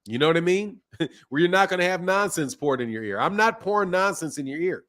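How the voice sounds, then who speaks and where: This boxing channel host, a man with a sore throat, reads viewers' super chats during a casual livestream, sounding slangy and laid-back. His voice is high-pitched and animated, fairly quick, with a fairly bright tone.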